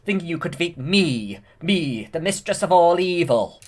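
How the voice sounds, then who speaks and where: A man's voice: fairly high pitch, expressive, normal speed, pitched above the performer's own voice. Man doing a gloating evil sorceress. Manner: menacing, gloating.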